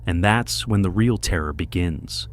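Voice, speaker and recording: A man giving slow, dramatic scripted narration for a suspense story. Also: sits low.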